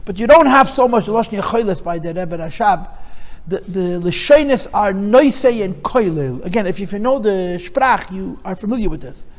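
A man's voice: high-pitched, expressive, normal speed, big-room sound. A male teacher giving a lesson on Chassidic texts. He explains step by step, repeats phrases and mixes in Hebrew and Yiddish terms.

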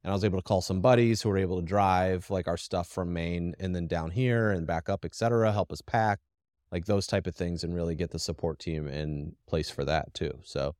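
A man's voice: sits low, steady tone, fairly quick, a little mellow, dry recording, clean studio sound. A man co-hosting a podcast, talking casually and directly, rambling with frequent restarts. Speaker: podcast co-host. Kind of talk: casual conversation.

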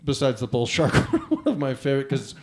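A man's voice: mid-range voice, wildly swooping pitch, brisk. A man hosting a podcast in casual conversation, loose and rambling with many restarts.

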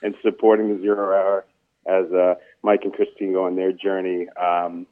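Low-voiced male guest on a tinny line. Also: moderate pace, no echo. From Long Island, New York. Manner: relaxed, laughs easily, with fillers. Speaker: podcast guest. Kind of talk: casual interview chat. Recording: dry, tinny phone-like line.

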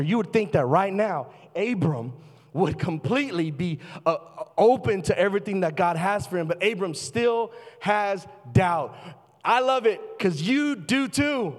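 A man preaching a sermon as pastor, fervent and shifting between loud bursts and quiet, low asides. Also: lively intonation, a little slow. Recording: long reverb of a large hall.

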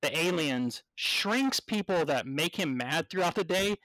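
A man hosting a casual podcast chat, enthusiastic and quick to laugh. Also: a little high, animated, a bit bright, no room sound, low-quality recording. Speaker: podcast host.

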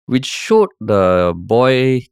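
A man with a Singaporean English accent, co-hosting a podcast in casual chat, with quick back-and-forth and frequent "yeah" and "exactly". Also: medium pitch, sing-song, darkish tone, smooth, no echo, clean studio sound. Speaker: podcast co-host.

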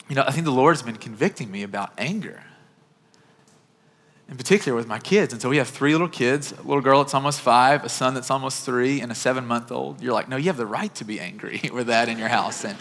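A man's voice: mid-range voice, fairly bright tone. A man in his thirties preaching a sermon in a church auditorium. He tells a personal story in an earnest, conversational way. His voice sits in the middle of the range and carries a long echo from the hall. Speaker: pastor.

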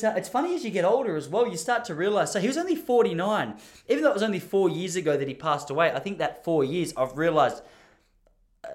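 An Australian man in his thirties telling rambling, animated anecdotes in casual chat. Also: a little high. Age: 30s. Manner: rambling, animated, laughs while telling stories.

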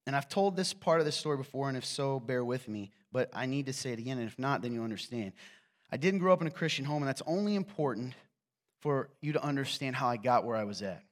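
A man's voice: medium pitch, lively intonation, quick pace. A middle-aged man from Eastern Kentucky with a slight Southern Appalachian accent, preaching a sermon in a conversational storytelling way with self-deprecating humor. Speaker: pastor.

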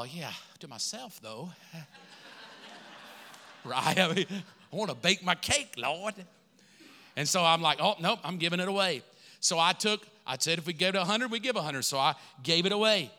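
A male pastor tells stories from the pulpit with an animated, rising delivery. His voice sits fairly high and sounds very bright, almost piercing. A long reverb trails each phrase, as in a large church hall. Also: normal speed. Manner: animated, rising to excited emphasis. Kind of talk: storytelling sermon.

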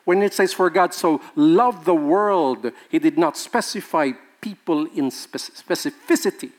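A man's voice: fairly high pitch, measured pace. A male pastor, preaching a sermon with emphatic rhetorical questions and laughing with the congregation.

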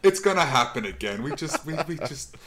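A man's voice: mid-range voice, big pitch swings, a little fast, a crowd in the background. A man co-hosting a podcast, chatting casually about supporting the show, with plenty of fillers. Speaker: podcast co-host. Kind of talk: casual chat, plugging the show.

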